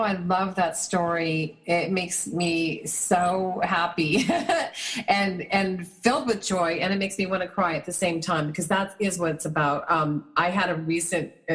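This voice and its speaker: A woman's voice: on the low side, fairly bright tone. A woman on a talk radio show, chatting enthusiastically and laughing often. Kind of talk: casual radio talk chat.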